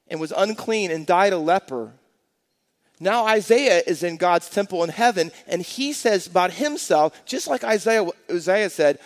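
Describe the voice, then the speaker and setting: A man's voice: on the high side, big-room sound. A man preaching a sermon as a pastor, asking the congregation rhetorical questions and building emphasis.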